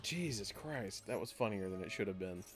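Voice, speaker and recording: A man commentating his own card game on a live stream, his voice swinging widely between low muttering and loud, excited bursts. He laughs often and talks straight to his chat. Faint game music plays underneath. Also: normal speed.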